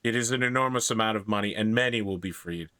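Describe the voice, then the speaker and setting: A man's voice: on the low side, quick pace, bright, forceful tone, no echo. A man voicing an earnest, pious male Irish priest with an Irish accent. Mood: humble. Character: humble male Irish priest begging for alms.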